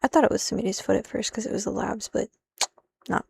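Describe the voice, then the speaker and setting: Gravelly-voiced woman streaming, muttering through her translation, keeps sidetracking herself, dry sound. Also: mid-range voice, fairly quick, a little mellow, no echo. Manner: rambling, self-interrupting, easily sidetracked; mixes in Japanese phrases. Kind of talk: live stream, thinking aloud while working.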